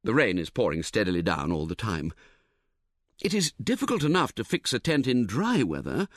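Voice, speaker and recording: Wry, highly expressive male narrator. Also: normal speed, dry recording, clean studio sound. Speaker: audiobook narrator. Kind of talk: scripted narration of a comic novel.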